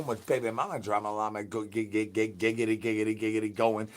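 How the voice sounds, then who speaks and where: A man's voice: on the low side, steady tone, fast, hardly any pauses, noisy background. A man streaming, talking in crude rambling nonsense with slangy asks to chat and sing-song chanted catchphrases. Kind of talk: rambling comic livestream talk.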